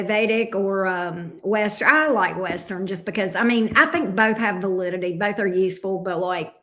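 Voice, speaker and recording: A woman in her fifties hosts a livestream as a tarot reader, casually reading and chatting about viewer comments. Her mid-range voice is a bit bright, and she's blunt, profane, and quick to laugh.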